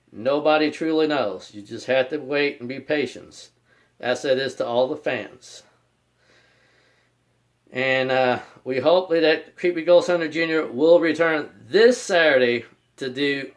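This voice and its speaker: A man hosting his own video channel, giving a rambling, repetitive announcement and often speaking of himself in the third person. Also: a little high. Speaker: YouTube channel host. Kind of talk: casual vlog announcement.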